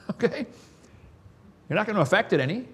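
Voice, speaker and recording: A man with a Southern US accent preaching a sermon in a folksy, joking way, swinging between loud and soft. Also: high-pitched, expressive, moderate pace, husky. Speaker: evangelist preacher.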